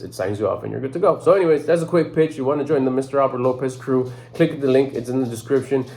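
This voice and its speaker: A man giving a casual direct-to-camera sales pitch as a personal development YouTuber, talking loosely in slang with frequent restarts and repeated words. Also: darkish tone.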